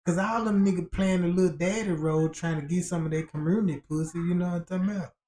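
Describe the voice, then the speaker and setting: A man's voice: high voice, steady tone, quick pace, dark tone. A man on a casual livestream, telling crude, profane stories in slang and acting out the quotes, often asking whether you know what he's talking about.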